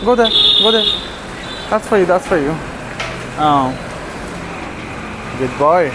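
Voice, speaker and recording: Man, high voice, coos pet names at dogs, noisy outdoor street recording. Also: expressive, slow. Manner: coaxing, affectionate baby talk, frequent laughs. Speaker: vlogger feeding stray dogs. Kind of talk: casual vlog talk to dogs. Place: outdoors, terrace and stairs in a city.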